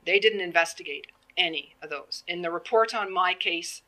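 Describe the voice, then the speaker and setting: A woman's voice: on the low side, moderate pace, pushed and bright, poor audio. A woman in her fifties giving a public presentation, earnest and plain-spoken, acting out the conversations she retells. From Canada. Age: 50s. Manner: earnest, plain-spoken, acts out quoted exchanges.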